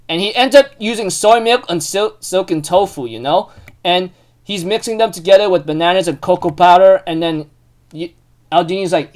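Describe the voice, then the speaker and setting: A man with a high voice talks through an anime episode recap. He rambles, retells scenes loosely and leans on fillers, and he gets animated when something amuses him. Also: normal speed. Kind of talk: casual recap commentary.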